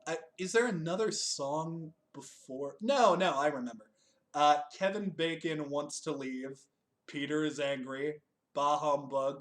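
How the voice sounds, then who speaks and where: A young man hosting a casual chat, joking, swearing freely and laughing often as he reviews a TV special. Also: fairly high pitch. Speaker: podcast host.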